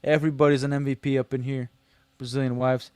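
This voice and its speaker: A male livestream host chats casually and jokes with his viewers. His voice is smooth and clear at a middling pitch. The sound is dry and close, with no room echo. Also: completely flat delivery, fairly quick, dark tone. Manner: reads chat messages aloud and answers them, joking and teasing; slangy, loose delivery with many fillers.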